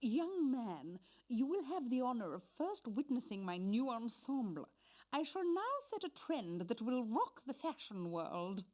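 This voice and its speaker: A woman's voice: on the high side, very animated, measured pace, darkish tone. An actress voicing a haughty, vain woman in a video game who sees herself as a fashion trendsetter, making grand pronouncements.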